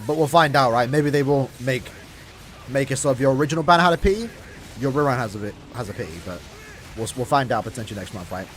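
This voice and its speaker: During a mobile game livestream, this young man from Ireland talks fast in an animated, mid-range voice. He rambles to his viewers, keeps restarting his sentences and addresses chat directly, and a little hiss or hum is audible.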